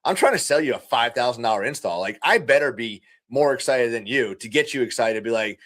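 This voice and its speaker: A man who is a guest on a podcast, chatting about running his business with a lively, animated delivery and easy laughs. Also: mid-range voice. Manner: animated, fast-talking, laughs easily. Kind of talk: casual conversational interview.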